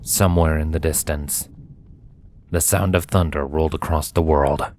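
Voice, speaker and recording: A man reading a fan story aloud in dramatic, expressive audiobook narration. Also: very deep voice, moderate pace, slight background noise. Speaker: fanfiction reader.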